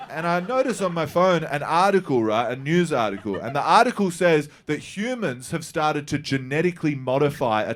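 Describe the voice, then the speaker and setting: A man's voice: a little high, slight background noise. A man, telling a rambling, profane stand-up story to a live audience. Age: 30s. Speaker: stand-up comedian. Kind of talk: stand-up set. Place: comedy venue with live audience.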